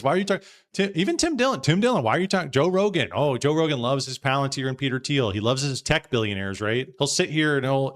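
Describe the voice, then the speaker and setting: Casual live-stream commentary from a male podcast host with a mid-range, fairly bright voice. He thinks aloud in a rambling way, frequently restarting his sentences.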